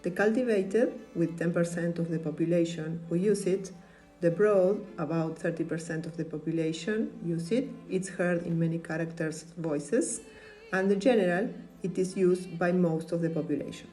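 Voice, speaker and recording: A woman narrating a lesson on English varieties in a measured, even delivery. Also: fairly low pitch, soft background music, rough recording. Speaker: English teacher.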